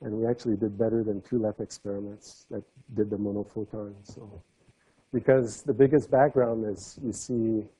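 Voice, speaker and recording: A man giving an academic seminar talk, explaining step by step and letting his voice drop softly at the ends of phrases. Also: fairly low pitch, fairly even intonation, normal speed, husky, low-quality recording. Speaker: lecturer.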